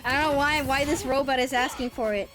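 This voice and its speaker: A woman's voice: high voice, steady tone, fast. A young woman streaming a game live, chatting loosely and teasing her viewers, swearing freely. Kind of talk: casual live-stream chat. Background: game music.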